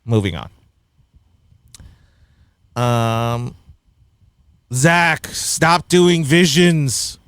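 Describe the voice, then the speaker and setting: A man's voice: medium pitch, drawn-out words, long pauses, a bit bright, clean tone, dry recording. A man hosting a casual film review chat, blunt and opinionated, often laughing at his own points. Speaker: podcast host reviewing a film.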